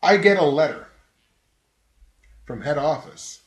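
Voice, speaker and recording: A fairly high-voiced man tells a rambling story on a podcast, swearing freely and breaking into laughter. He's animated and casual, and the recording has a roomy echo around him. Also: slow pace. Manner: animated, profane, laughs often while telling stories. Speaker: podcast host.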